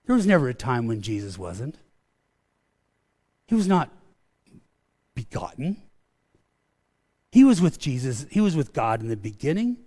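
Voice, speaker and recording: A man's voice: mid-range voice, sing-song, a little slow, pauses often, warm tone. A man preaching a sermon in a conversational way, often repeating and restarting words, and calling his own preaching a rant. He sounds middle-aged and speaks as the pastor of his church.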